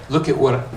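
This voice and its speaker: A man who is a middle school pastor gives a youth sermon, telling the story with animated, casual acted-out dialogue. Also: a little high, background noise. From United States. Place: church youth room. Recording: echoey room, mic at a distance, faint ambience.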